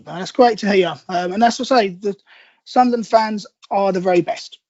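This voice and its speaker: Laid-back podcast host on a dry line. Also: male voice, high-pitched, normal speed, darkish tone, dry recording, muffled recording. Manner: laughs often, loose and filler-heavy. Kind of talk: casual podcast hosting.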